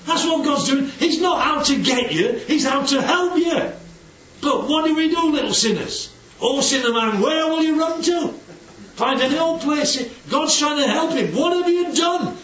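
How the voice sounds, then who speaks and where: A man's voice: very high voice, fairly bright tone. A man giving an informal Bible teaching to a group, often asking the listeners questions and checking they follow. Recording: distant, dull, roomy recording with faint noise.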